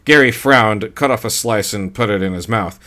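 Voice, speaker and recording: In a lowish voice at normal speed, an audiobook narrator reads a scripted short story. His delivery is dry and steady throughout.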